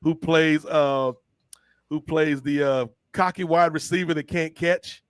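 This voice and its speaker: Animated, slangy male podcast host. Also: fairly high pitch, unhurried, clean tone, dry recording, clean studio sound. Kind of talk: casual chat.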